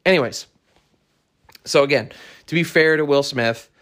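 A man's voice: fairly high pitch, moderate pace, fairly bright tone. A young man hosting his own podcast, talking alone in a casual, blunt and heavily profane rant. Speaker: podcast host.

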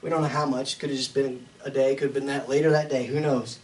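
A man's voice: medium pitch, level tone, fast talker, distant mic, rough recording. A man as a pastor, teaching a Bible passage verse by verse in a conversational way, with chuckling side remarks. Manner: conversational, chuckling asides between readings.

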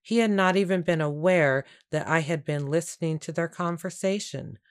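A woman narrating a first-person period story in a measured, earnest, introspective way. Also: fairly low pitch, clean tone. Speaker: audiobook narrator.

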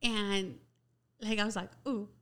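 A young woman casually telling a personal story, chatty and animated, with a lot of "like" filler. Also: medium pitch, measured pace. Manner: chatty, heavy use of "like" filler, animated retelling.

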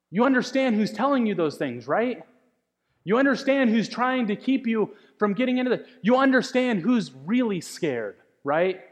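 A man's voice: high voice, expressive, normal speed. Man preaching in a reverberant hall. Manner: conversational, repeats words, builds to emphatic peaks. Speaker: pastor. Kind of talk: sermon.

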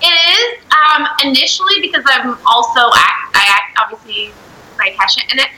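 A woman talks through her work as an actor and director in loose podcast chat, full of fillers and easy laughs. Her voice sits high and sounds very bright. The room gives it a noticeable echo. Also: moderate pace. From Canada. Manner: chatty, laughing, many fillers. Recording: echoey room.

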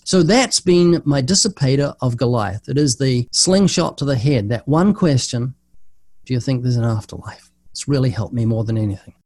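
A man's voice: mid-range voice, moderate pace, no echo. An older man, a guest evangelist, answering interview questions and telling stories in which he acts out the dialogue. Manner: animated storyteller acting out dialogue.

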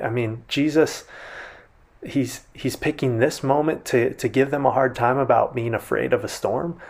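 A man's voice: medium pitch, creaky, darkish tone, slightly rough. Man preaching a casual, chatty sermon. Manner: conversational, many restarts and "I mean", vivid retelling. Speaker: pastor.

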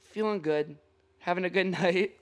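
A young man with a fairly high voice tells a rambling, profane story to his friends in casual chat. He laughs often and curses freely as he goes. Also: moderate pace. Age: young adult.

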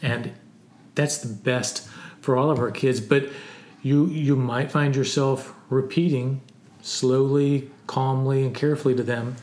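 A man co-hosting a Christian parenting podcast, giving gentle, practical encouragement to parents. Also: mid-range voice, level tone, a little slow. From United States. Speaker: co-host. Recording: roomy echo.

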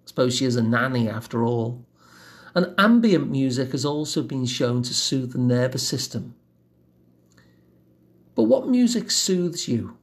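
A man giving a calm self-help lesson in a gentle, measured, reassuring way. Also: mid-range voice. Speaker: wellbeing teacher.

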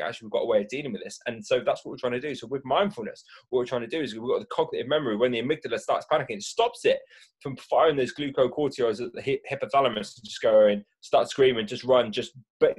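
A man talking as a mindfulness speaker, explaining the brain's stress response in a lively way and acting out reactions with gasps. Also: medium pitch, quick pace, breathy edge. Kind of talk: animated explanatory talk.

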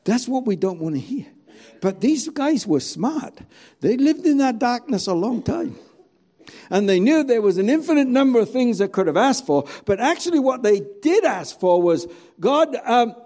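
Animated preacher, mellow voice. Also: male voice, very high voice, normal speed. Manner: animated preaching, rhetorical questions, acts out quoted voices. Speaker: pastor. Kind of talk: sermon.

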